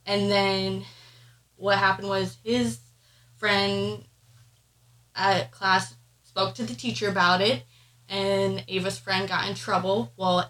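On a podcast, a pregnant co-host chats casually, emotionally recounting a family argument with plenty of fillers. Her voice is medium-pitched and a bit bright, and the audio is poor.

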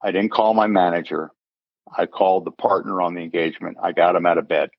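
A man's voice: low-pitched, steady tone, brisk, no echo. An older man, a retired forensic accountant, telling a story in an interview and acting out the voices of the people in it. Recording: dull lo-fi sound.

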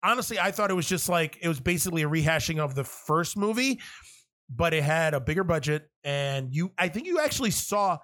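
A man's voice: on the high side, big pitch swings, brisk, a bit bright. A man talking in a casual, rambling monologue, swearing often and restarting his sentences a lot. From half Cuban. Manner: rambling, profane, lots of restarts.

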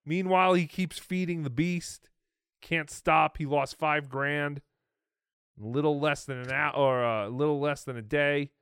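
A man's voice: on the high side, fairly bright tone, smooth, dry recording. A man hosting a show, giving casual, dry and sarcastic commentary over a clip. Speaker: show host.

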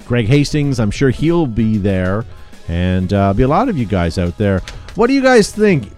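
A man's voice: lowish voice, big pitch swings, normal speed, darkish tone, soft background music. A man hosting a casual panel chat, talking loosely and reading viewer comments aloud. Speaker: podcast host.

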